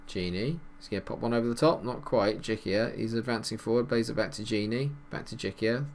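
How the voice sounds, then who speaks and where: A man giving casual, chatty commentary over a football management game, calling plays and getting excited at goals. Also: on the low side, brisk. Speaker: gaming YouTuber.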